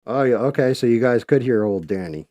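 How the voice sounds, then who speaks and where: A man's voice: mid-range voice, animated, brisk, mellow, no room sound, lo-fi sound. A man hosting a live stream, chatting casually and swearing freely while he paints. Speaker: livestream host.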